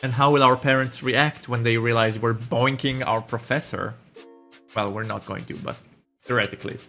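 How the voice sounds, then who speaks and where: Let's-play host, man, jokey asides, soft music behind. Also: medium pitch, fairly even intonation, normal speed. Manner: joking, chatty aside. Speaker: gaming channel host.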